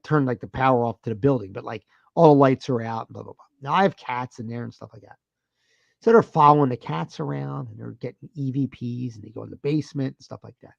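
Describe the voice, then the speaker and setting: Profane, animated man telling a story. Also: medium pitch, vocal fry, no echo, lo-fi sound. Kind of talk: casual storytelling.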